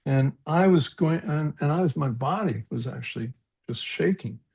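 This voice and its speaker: A man speaking on a video call, in a fairly high voice with gravel and fry running through it. The tone is husky rather than clean. He tells personal stories earnestly, stumbling over repeated words and chuckling as he remembers. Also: expressive, moderate pace, a little mellow. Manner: earnest, reflective, often repeats words and restarts sentences; chuckles at his own stories. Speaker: presenter on a webinar panel. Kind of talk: personal storytelling talk.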